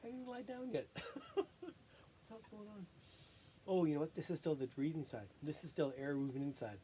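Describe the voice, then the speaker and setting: A person rambling through a self-recorded monologue, halting and often breaking into laughter while catching their breath. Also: medium pitch, expressive, dark tone, slight background noise.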